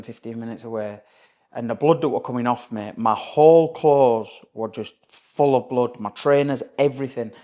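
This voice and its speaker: A young Yorkshire man talks as a podcast guest, recounting his own story in plain, blunt words. He swears freely and keeps checking in with "do you know what I mean" and "mate." His voice sits at an everyday male pitch. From Leeds area, England. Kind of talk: candid personal storytelling.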